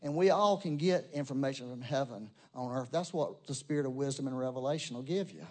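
A man preaching a sermon, talking straight to his congregation and swinging between loud emphatic bursts and soft low asides. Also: animated, a little fast. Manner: conversational, addresses congregation directly. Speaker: pastor.

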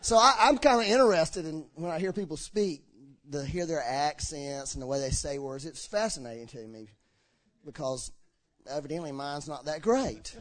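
A man delivering a lively sermon. His voice sits high and swings widely as he acts out quoted lines. His words run together in a slurred drawl. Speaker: preacher. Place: church.

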